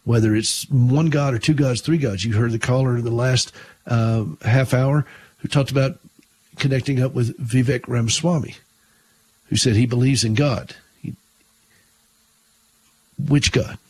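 Husky earnest radio host, middle-aged man. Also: mid-range voice, fairly even intonation, measured pace, pauses often, darkish tone. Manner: earnest, storytelling, repeats words when emphatic. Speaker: radio talk show host. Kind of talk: Christian radio monologue.

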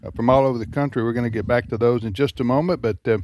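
A man's voice: mid-range voice, fairly even intonation, racing, darkish tone, dry recording, clean studio sound. A man hosting a trivia segment on a radio show, joking and rambling with fillers. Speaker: radio host. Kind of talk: casual on-air banter. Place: radio studio.

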